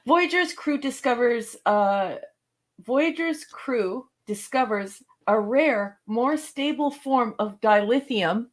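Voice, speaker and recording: A woman with a fairly high voice co-hosts a livestream show. She chats easily, greets viewers, and reads notes aloud off the cuff. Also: slow. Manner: chatty, warm greetings to viewers. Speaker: podcast co-host. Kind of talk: casual livestream chat, reading aloud.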